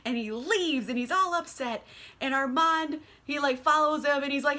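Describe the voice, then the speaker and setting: A tipsy woman racing through a casual book recap, swearing freely and breaking into laughter. Her voice is bright and a touch high, with a lively, animated delivery. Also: normal speed. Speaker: book reviewer.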